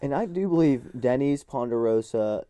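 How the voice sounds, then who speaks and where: A man making deadpan jokes in a casual podcast chat. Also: medium pitch, moderate pace, slight background noise.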